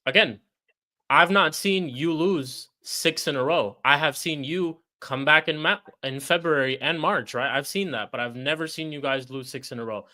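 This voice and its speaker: Podcast co-host, man, bright edge, repeats himself to drive a point home. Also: on the high side. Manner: deliberate, repetitive arguing. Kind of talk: casual football debate.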